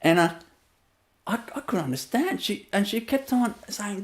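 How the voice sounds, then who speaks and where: A man's voice: high-pitched, very animated, normal speed. A man with a Vietnamese accent gives a rambling, storytelling webinar talk as a spiritual teacher, laughing often and leaning on fillers.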